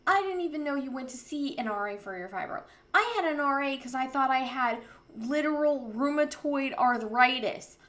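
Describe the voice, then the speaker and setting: A woman's voice: sits high, sharp tone. Angry, swearing woman venting on a vlog. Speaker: vlogger. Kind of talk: casual vlog rant.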